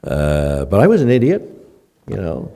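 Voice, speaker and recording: An older male pastor preaches in a loose, conversational way, full of fillers and restarts. His voice sits low and mellow. A long hall reverb trails each phrase. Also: huge pitch swings, moderate pace, vocal fry. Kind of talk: sermon. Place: church hall.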